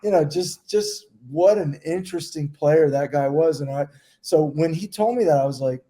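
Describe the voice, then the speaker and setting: A middle-aged man co-hosting a casual round-table podcast, telling relaxed anecdotes. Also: a little high, moderate pace. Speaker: podcast co-host, former goalkeeper.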